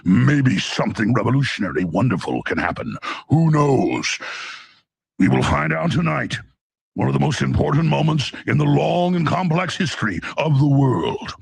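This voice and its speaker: Man putting on a cold, gravelly dark lord, low and ominous, husky edge. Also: very animated, no echo, heavily acted. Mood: menacing. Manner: slow ominous proclamation. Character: menacing armored male dark lord, deep and cold. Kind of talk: played commentary clip with impression.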